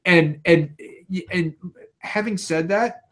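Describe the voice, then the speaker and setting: Male podcast co-host, fairly high voice, animated ranty delivery, heavy swearing. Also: slow pace. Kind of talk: casual chat.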